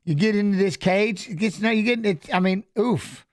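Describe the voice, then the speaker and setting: A man giving casual live commentary on a fight as a watch-along host, animated and coaching the fighters aloud, repeating phrases. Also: sits high, normal speed, no room sound, studio quality.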